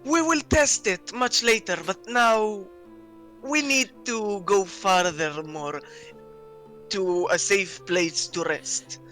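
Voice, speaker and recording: A man's voice: high-pitched, slow pace, pushed and bright, faint music behind. A chatty man talking in character as a player at a tabletop game, often stumbling over his words.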